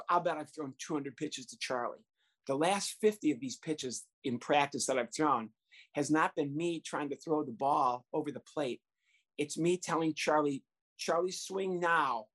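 Husky man telling a funny story. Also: fairly high pitch. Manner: animated, breaks into laughter and acts out voices. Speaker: guest storyteller, former youth baseball coach. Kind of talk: comic anecdote telling.

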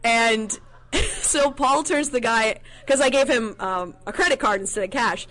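A woman's voice: a little high, moderate pace, a bit bright. A woman telling a funny story on a convention panel, bubbly and laughing often, acting out the voices she quotes on a handheld mic. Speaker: voice actress guest. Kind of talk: animated convention panel anecdote.

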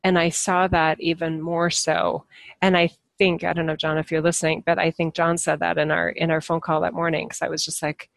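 This woman is a spiritual channeler and teacher chatting informally with her followers; she's animated and sincere and laughs a lot in self-reflection. She has a deep, gravelly voice, talks briskly, and there's no echo.

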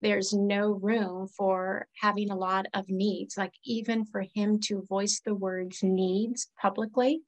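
Slowly and with hardly any pauses, a medium-pitched woman speaks as a therapist in an informal chat. Thoughtful and sincere, she brings her clients' words to life with animated voices, on a rough recording.

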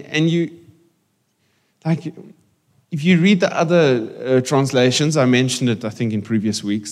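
A man's voice: medium pitch, darkish tone. A man preaching a conversational sermon to his congregation, joking with people and slipping into Afrikaans. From South Africa. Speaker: pastor. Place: church hall. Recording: long reverb of a church hall.

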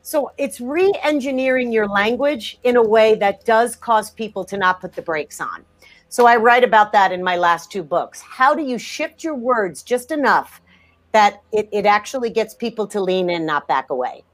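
A woman talking in a podcast interview, emphatic and energetic, often restarting her sentences. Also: medium pitch, moderate pace. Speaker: guest.

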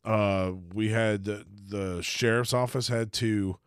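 A man's voice: on the low side, fairly even intonation, takes it slowly, clean tone, no echo, clean studio sound. A man co-hosting a podcast, telling wrestling stories in a laid-back, amused way, with a lot of restarts. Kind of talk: casual storytelling chat.

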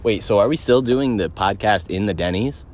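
A man's voice: on the low side, normal speed, darkish tone. A man co-hosting a podcast, chatting casually and loosely with a friend, laughing often. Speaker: podcast co-host. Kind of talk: casual chat.

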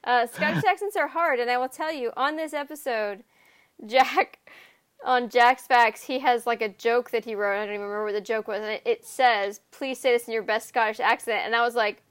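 Bubbly, higher-voiced woman host. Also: brisk, smooth. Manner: bubbly, laughs easily. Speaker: podcast host. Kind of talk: casual chat.

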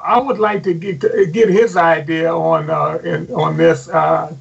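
Gravelly male radio host, distant and dull. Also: on the high side, fairly even intonation, a little slow. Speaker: radio talk show host. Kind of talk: casual radio hosting. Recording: dull, distant mic sound.

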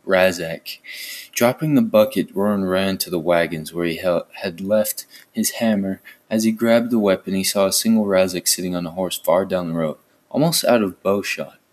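Low-voiced man reading a novel aloud. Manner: plain, with small stumbles. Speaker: reader.

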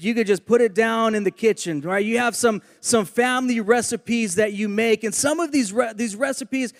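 A man's voice: sits high, big-room sound. A man preaching a sermon and leading a prayer, earnest, with repeated phrases.

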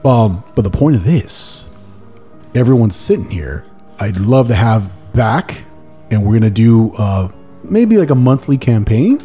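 A chatty man hosts a podcast in a mellow, fairly low voice. He talks eagerly and casually, stacking one aside on another as he goes. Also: big pitch swings, a little slow, faint music behind. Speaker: podcast host.

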